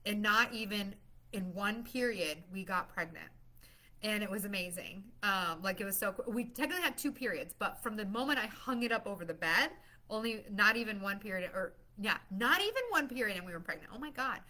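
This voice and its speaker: A woman's voice: medium pitch, animated, brisk, pushed and bright. A woman chatting casually on a live stream, bubbly and rambling, laughing often as she greets viewers and promotes her class. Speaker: livestream host promoting her masterclass.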